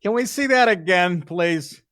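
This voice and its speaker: A man's voice: high voice, expressive, measured pace, a bit bright, slight background noise. A middle-aged man hosting a comedy talk show, reading news stories aloud and riffing on them in a crude, sardonic way.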